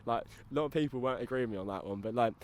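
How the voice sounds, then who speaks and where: Fast-talking young English man. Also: mid-range voice, darkish tone. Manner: rambling, laughing, heavy filler "like". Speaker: podcast co-host. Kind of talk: casual chat.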